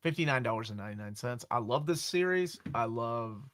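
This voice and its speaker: A man hosting a casual talk show about comic books, speaking with enthusiasm and breaking into excited exclamations. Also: mid-range voice, brisk. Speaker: show host.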